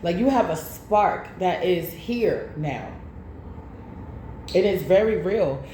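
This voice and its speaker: A tarot reader with a fairly low, dark, expressive voice talks slowly and directly to her viewers in loose, slangy chat, telling her story with lots of animation. The room echoes, and a faint hiss runs underneath.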